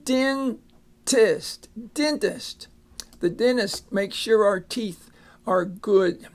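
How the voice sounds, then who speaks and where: A man leads a phonics lesson at an unhurried pace, patiently saying each word and then saying it again. His voice has a gravelly, creaky edge. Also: sits high. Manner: patient, sounds out words and repeats them. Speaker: reading teacher.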